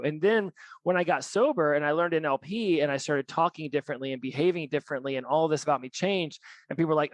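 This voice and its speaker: A man's voice: on the high side, expressive, fast talker, no room sound, rough recording. A man hosting a podcast about recovery, speaking candidly and reflectively in casual conversation, with the odd swear. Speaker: podcast host.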